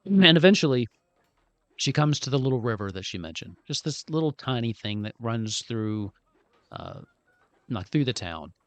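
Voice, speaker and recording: Man, game master, tabletop game narration, rambling, mid pitch, dry close sound. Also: moderate pace, no room sound. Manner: relaxed, rambling descriptions with fillers.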